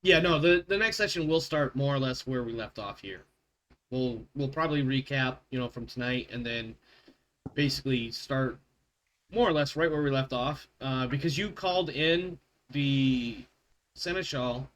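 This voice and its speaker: A man's voice: medium pitch, normal speed, fairly bright tone. A man running a tabletop game as game master, talking casually and rambling, correcting himself as he goes. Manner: rambling, self-correcting, swears freely. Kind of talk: casual out-of-character table talk.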